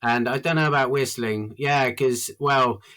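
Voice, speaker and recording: Man, podcast guest, casual chat, halting, repeats words, medium pitch. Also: steady tone, sharp tone.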